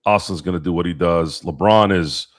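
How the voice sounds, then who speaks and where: A man with a deep radio voice, a guest offering measured, thoughtful sports analysis in a casual chat. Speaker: guest podcaster.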